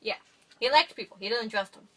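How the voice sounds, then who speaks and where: A young woman casually retelling a movie's plot as a podcast co-host, full of fillers and quick character voices. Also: on the high side, animated, sharp tone. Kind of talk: casual movie recap chat.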